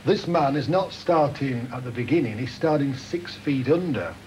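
A gruff man training a wrestler in a gym, barking orders and encouragement. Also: medium pitch, animated, moderate pace, a little mellow. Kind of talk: coaching in the ring. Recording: noisy 1980 TV documentary sound.

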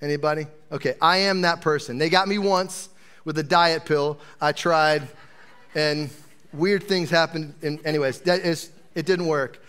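A man's voice: on the high side, fairly even intonation, normal speed, fairly bright tone, clear, resonant tone. A man who is an associate pastor, preaching a sermon in a chatty, joking way to a live congregation.

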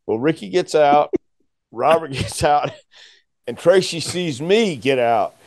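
A man, a former wrestler, telling a story in a casual chat, animated and laughing often as he acts out the voices. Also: a little high, slow pace, no echo, clean studio sound.

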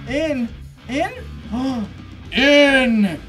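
Gamer yelling and cackling at the screen while playing, swears a lot, talks kinda slow, game music going behind. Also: sits high. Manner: excitable, yelps and shrieks at the game; laughs often, swears casually. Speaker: let's play gamer. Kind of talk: gameplay commentary.

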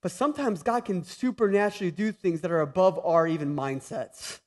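A young adult man preaching a sermon as pastor, animated, moving from loud exclaiming to a hushed tender tone. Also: sits high, a little fast.

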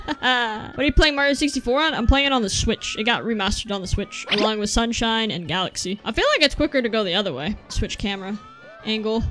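A woman's voice: fairly high pitch, a little fast, bright, forceful tone. A young woman playing a video game, commenting casually, swearing often and yelping and laughing at her mishaps. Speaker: gameplay streamer. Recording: faint game music behind.

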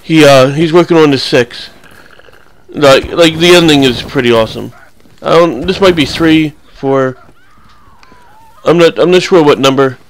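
A man's voice: on the high side, measured pace, long pauses. A young man giving casual, rambling, crude and joking voice-over commentary on his gameplay clips.

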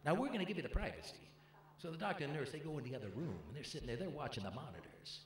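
A man impersonating a well-known older film actor as an excitable, flustered joke-teller at a live comedy show. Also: fairly high pitch, slight background noise. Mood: frantic. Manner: flustered, rapid exclamations, chatty storyteller. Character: jittery, excitable older male film-star comic. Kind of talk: live stand-up impression. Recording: echoey club, mic held at a distance.

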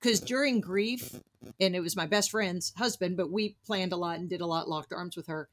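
A woman with a Southern-tinged accent over her New Jersey roots, talking in a slightly low voice. She hosts the chat, telling stories and tossing out playful asides as she goes. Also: moderate pace. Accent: Southern US picked up over New Jersey. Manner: chatty, storytelling, laughs often, fond of playful asides. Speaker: podcast host. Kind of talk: conversational interview.

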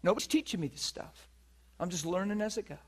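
A male preacher delivering a sermon with vivid storytelling. His voice sits a little high for a man and turns lively as he acts out scenes for his listeners. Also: quick pace, breathy edge. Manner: animated, laughs at his own story, acts out the people in it. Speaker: preacher teaching on divine healing. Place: teaching session before a listening audience.

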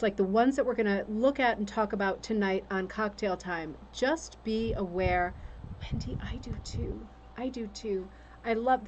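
A woman's voice: mid-range voice, a little mellow. A woman hosting a casual craft livestream from a room upstairs at home, chatting and greeting viewers by name. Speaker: host of a rug hooking livestream. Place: room on a home's second floor with a fan. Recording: faint room noise, fan hum.

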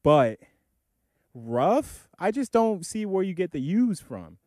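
Rambling, animated young man, dry close mic. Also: high voice, normal speed, no echo. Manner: rambling, animated, many restarts. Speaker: podcast co-host. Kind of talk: casual chat.

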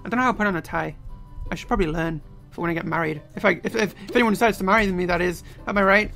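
A young man doing playful, self-mocking commentary on his own gameplay, often breaking into sudden yells. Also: high voice, racing, creaky. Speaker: let's play gamer. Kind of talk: game commentary. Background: game music.

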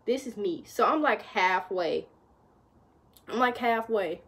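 A young woman, casually telling a storytime vlog to her viewers, chatty and animated in her retelling. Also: mid-range voice, slow, breathy edge. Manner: chatty, addresses viewers as y'all, lively retelling. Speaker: vlogger.

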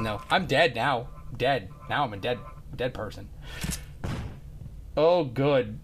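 Excitable man yelling at a game. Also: mid-range voice, normal speed, long pauses, heavy background noise. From Mississippi. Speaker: gameplay commentator. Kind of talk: let's play commentary.

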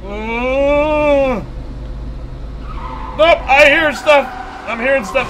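A man's voice: very high-pitched, very slow, long pauses, noisy background. A man giving nervous, joking, profanity-laced commentary while playing a horror game. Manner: jumpy, swearing, nervous joking asides. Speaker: gaming channel host.

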